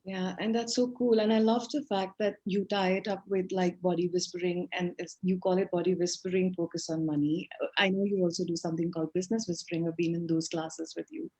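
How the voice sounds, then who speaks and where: Enthusiastic woman interviewer, lower voice. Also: fairly even intonation, fairly quick, a little mellow. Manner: enthusiastic, summarizing, with fillers. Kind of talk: conversational interview.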